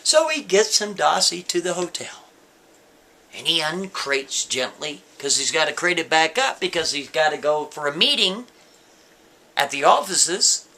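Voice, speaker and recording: A man's voice: on the high side, lively intonation, unhurried, sharp tone. A man telling a story casually, talking straight to the listener and checking in with them often. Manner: conversational, asks listener "right?" and "see?".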